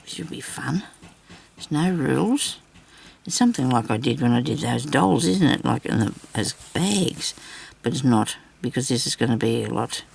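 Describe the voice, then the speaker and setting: A woman's voice: rumbling low, lively intonation, normal speed, vocal fry, a little mellow, slightly rough. A woman vlogging a crafting demonstration, rambling and chatty as she talks straight to her viewers.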